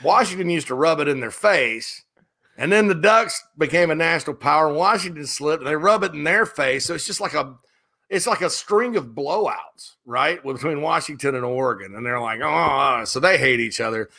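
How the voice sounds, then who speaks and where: Bright-voiced, animated man talking sports. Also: on the high side, moderate pace. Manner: animated, rambling storyteller with frequent restarts. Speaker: sports talk show host. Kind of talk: casual sports chat.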